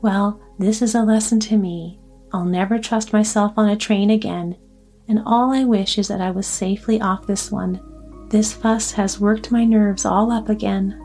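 A woman voicing a talkative, nervous old grandmother on a train, in a soft, mellow voice over quiet music. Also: mid-range voice, steady tone, moderate pace, lightly acted. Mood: relieved. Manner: talkative, fretful, trusting.

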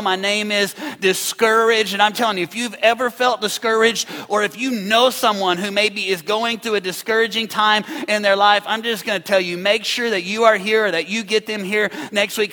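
High, bright-voiced pastor preaching in a hall. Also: male voice. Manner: energetic, calls on the congregation to respond. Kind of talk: sermon. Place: large church hall. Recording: echoey hall with long reverb.

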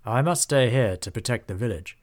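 A man voicing a calm, grave male swordsman hero in a storybook reading, measured and steady. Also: mid-range voice, natural voice.

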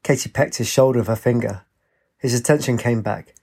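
Male storyteller, husky, mid-pitched, steady unhurried read. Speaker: narrator. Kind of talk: storybook narration.

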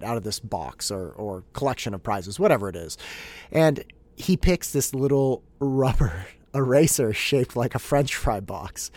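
A man telling a story from home life in a casual monologue, animated and exasperated, laughing at himself and often restarting his sentences. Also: medium pitch, no room sound. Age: adult father of young children. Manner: animated, exasperated and self-mocking, with frequent restarts. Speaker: podcast host.

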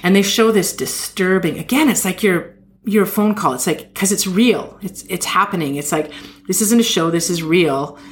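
A woman host telling a long story in casual chat, animated, laughing and swearing freely. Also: fairly low pitch, moderate pace.

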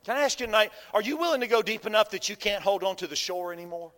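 With a bright, high voice and a quick pace, this folksy male pastor fills his sermon with humor and questions aimed at his congregation. A long hall reverb echoes around him, much like a church sanctuary.

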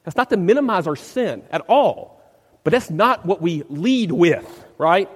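A man's voice: high-pitched, lively intonation, measured pace, breathy edge, big-room sound. A man, a pastor, preaching a sermon in an emphatic way, often repeating words as he searches for the phrasing.

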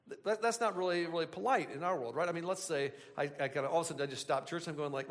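A man preaching a conversational sermon, animated and chatty, with frequent asides and restarts. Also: fairly high pitch, very fast, few pauses, in a large hall. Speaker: pastor.

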